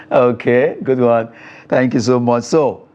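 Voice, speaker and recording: A man's voice: mid-range voice, fairly even intonation, takes it slowly, a little mellow, muffled recording. A Nigerian man presents a weekend sports phone-in show. He talks in a loose, chatty way, laughs along with his callers and leans on filler words while he thinks. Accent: Nigerian English.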